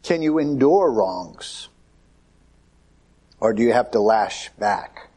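A man's voice: mid-range voice, animated, takes it slowly, mellow, slightly rough. A man preaching a conversational sermon, acting out the voices of Bible figures.

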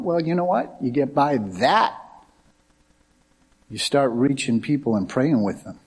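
A man's voice: mid-range voice, measured pace, husky. Middle-aged american guy preaching a sermon, pastor telling stories, acts out the dialogue. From United States. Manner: animated anecdotes with quoted dialogue. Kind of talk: sermon with storytelling.

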